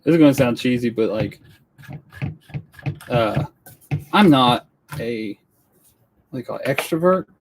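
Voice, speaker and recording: There's background noise as a young woodworking YouTuber from Western North Carolina speaks slowly and animatedly in a mid-range voice, with long pauses. He's chatting casually with viewers on a live stream from his indoor studio workspace, rambling, earnest and self-interrupting.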